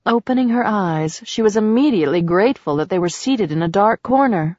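A woman reading a romance novel aloud in a steady storytelling voice. The recording is dry with a slightly dull tone. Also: mid-range voice, normal speed, dry recording. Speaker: audiobook narrator. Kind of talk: scripted narration.

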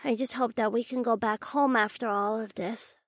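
A woman's voice: a little high, fairly even intonation, moderate pace, no room sound, clean studio sound, close to an everyday voice. A woman voicing a chatty, spoiled little noble girl in an audiobook, with a sing-song, whiny way of talking. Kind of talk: audiobook character voice.

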